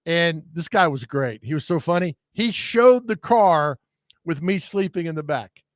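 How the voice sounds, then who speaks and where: Male radio host, slightly high, rambling and jokey, dry booth. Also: expressive, a little slow, dry recording. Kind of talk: casual sports radio chat.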